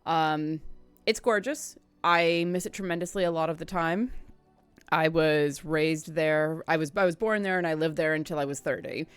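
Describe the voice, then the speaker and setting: A woman in her thirties from Alaska, USA, with a deep, smooth voice, streams a video game as a let's play, rambling casually with asides. Her intonation is fairly even and her pace moderate, recorded with no echo over soft background music.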